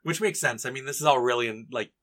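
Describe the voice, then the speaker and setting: Bright-voiced laughing man. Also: mid-range voice, fast. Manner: laughing, playful, acts out characters. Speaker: podcast co-host. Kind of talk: casual book discussion chat.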